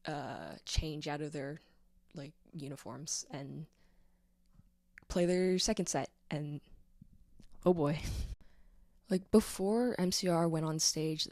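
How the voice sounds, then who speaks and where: A woman's voice: sits low, a little mellow. A young woman vlogging a casual, rambling recap with lots of fillers and giggles. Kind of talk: casual concert recap vlog.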